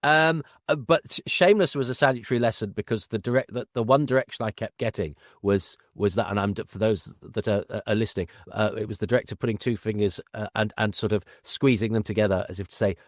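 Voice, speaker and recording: A man's voice: lowish voice, quick pace, few pauses, no room sound, clean studio sound. Wry, self-deprecating man telling stories. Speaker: podcast guest, actor. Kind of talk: conversational anecdote-telling.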